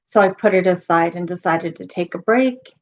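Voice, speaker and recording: A middle-aged woman chatting casually on her live stream, losing her voice and pausing often with ums. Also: fairly low pitch, dull audio. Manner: halting, with many pauses and ums.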